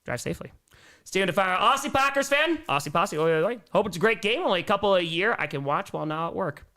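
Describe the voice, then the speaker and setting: Animated, bright-voiced male sports streamer. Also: high voice, fast talker. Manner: energetic, cheering, jokey. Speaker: sports streamer reading donations. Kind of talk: live stream chat.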